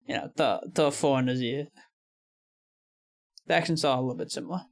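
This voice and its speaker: A man's voice: mid-range voice, fairly quick, creaky. A young American man giving casual, hedging commentary while he watches a video, with frequent light laughs. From United States. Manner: laughs often, many fillers and hedging opinions. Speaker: reaction video host.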